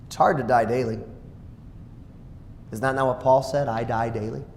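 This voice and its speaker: A man's voice: medium pitch, fairly even intonation, moderate pace, slight background noise. Man preaching in an echoey church. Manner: swings from quiet asides to loud raised exclamations. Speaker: pastor. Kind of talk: sermon. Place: church sanctuary.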